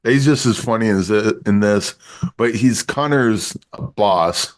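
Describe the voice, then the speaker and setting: A man's voice: fairly low pitch, slow pace. Rambling man recapping a movie plot. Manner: rambling, stumbles and restarts, retells plot. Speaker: podcast movie reviewer. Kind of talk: casual chat.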